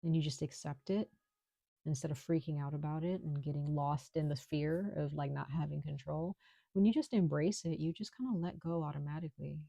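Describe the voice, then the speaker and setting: A woman's voice: low-pitched, brisk, gravelly, mellow, dry recording. A woman giving a casual tarot reading in a chatty, reassuring way, full of fillers, at home. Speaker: tarot reader.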